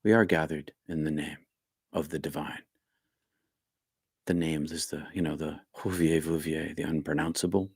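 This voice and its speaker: A man with a deep, low voice talks in a casual, rambling way, pausing and restarting as he reflects on spiritual ideas. He sounds close and dry, with no room around him. He reads out viewer comments and answers them. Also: fairly even intonation, slightly rough, no room sound. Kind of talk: casual live-stream talk.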